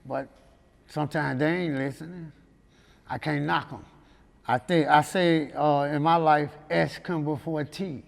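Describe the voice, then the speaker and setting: Memphis man with a gravelly, slightly high voice, telling street stories with easy laughs, heard in a reverberant hall. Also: steady tone, measured pace. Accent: Memphis Southern US. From Memphis, USA. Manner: loose and laughing, keeps saying "you know what I'm saying". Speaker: rapper guest. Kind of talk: casual interview storytelling.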